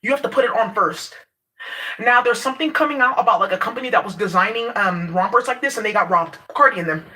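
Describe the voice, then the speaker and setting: Talking to her viewers in a casual rant, a vlogger from Nigeria is brash, profane, and laughs throughout. She has a bright, forceful, mid-range voice and a quick pace.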